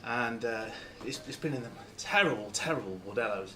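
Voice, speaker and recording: Halting man giving a club talk. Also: medium pitch, animated, sharp tone, a little hiss or hum. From Lancashire, England. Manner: halting, many fillers and restarts. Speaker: guest speaker. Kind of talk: informal club lecture.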